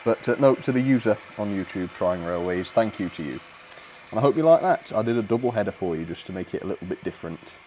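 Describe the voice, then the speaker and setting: Hosting a model railway live stream, this chatty man has a lowish, slightly mellow voice and speaks fast and animatedly, with a little hiss or hum in the audio. He cheerfully thanks viewers, often using fillers and small laughs, and is slightly out of breath.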